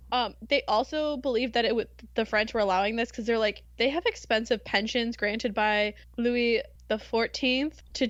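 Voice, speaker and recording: Brief: American woman host, slightly high, playful history chat, muffled dry recording. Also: dry recording. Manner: giggly, animated storytelling with playful asides. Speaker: podcast host.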